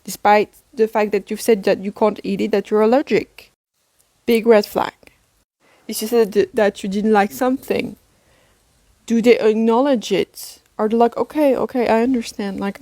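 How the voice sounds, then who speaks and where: A woman's voice: medium pitch, steady tone, normal speed, mellow, no echo. A woman giving blunt, direct relationship advice in a short video. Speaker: social media commentator.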